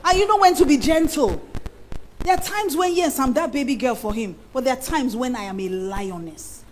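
A woman with a Nigerian accent preaching a sermon, playful and animated, dropping into pidgin asides. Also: high-pitched, fairly quick, rough recording.

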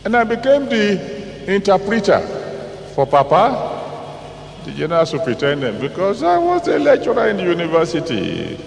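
A man preaching a dramatic sermon, dropping to low asides and rising to loud exclamations. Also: wildly swooping pitch, moderate pace, vocal fry, slight background noise. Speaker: pastor. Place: large church hall. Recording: echoey hall from a distance.

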